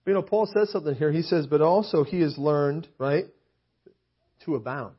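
A man's voice: on the high side, moderate pace, husky. A young to middle-aged man preaching a sermon in an emphatic way, often checking in with the congregation and reading scripture aloud. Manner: rhetorical, keeps asking "right?". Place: church meeting hall. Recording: dull lo-fi recording.

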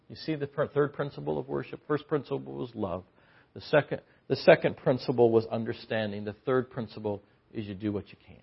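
A man preaching a conversational sermon in church, animated, swinging between loud exclamations and hushed asides. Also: fairly high pitch, a little fast, gravelly, husky. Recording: dull lo-fi audio.

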